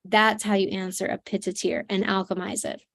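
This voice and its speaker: A woman's voice: mid-range voice, level tone, normal speed, gravelly. Earnest woman teaching a healing seminar. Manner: earnest, teaching, many fillers and restarts. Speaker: seminar presenter, trauma coach. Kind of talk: online seminar talk.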